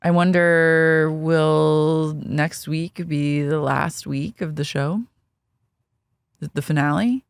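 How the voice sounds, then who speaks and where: A woman's voice: deep voice, fairly even intonation, slow, creaky, clean tone, dry recording. A woman co-hosting a podcast, chatting casually and bluntly with plenty of swearing. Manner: blunt and profane, quotes cast members in put-on voices. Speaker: podcast co-host. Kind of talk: casual chat recapping a reality show.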